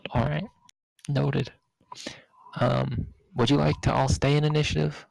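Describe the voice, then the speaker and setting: A man's voice: mid-range voice, level tone, vocal fry, darkish tone, dry recording. A man running a tabletop game as game master, narrating loosely with many restarts. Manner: loose, halting, lots of fillers and restarts.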